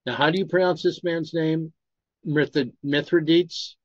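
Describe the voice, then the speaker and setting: A man's voice: a little high, brisk, husky, dry recording, lo-fi sound. A man reading a history text aloud in a Bible study and stopping to remark on pronunciation. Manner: steady reading, stops to comment on pronunciation.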